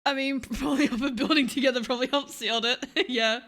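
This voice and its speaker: Giggly high-voiced woman streamer. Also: steady tone, fast, fairly bright tone. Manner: giggly, chatty, swears often. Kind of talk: casual live-stream chat.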